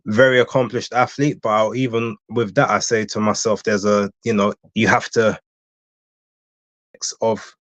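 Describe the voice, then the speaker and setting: A man's voice: lowish voice, level tone, measured pace, a bit bright, no echo. A man appearing as a guest on a casual live-stream chat, giving blunt, opinionated takes in a self-assured way. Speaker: guest boxing commentator. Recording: dull, dry lo-fi audio.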